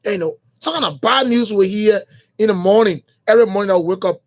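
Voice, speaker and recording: A man's voice: high-pitched, brisk. A man with a Liberian accent hosting a morning radio talk show, rambling and repeating himself with many fillers as he thinks aloud. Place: radio studio.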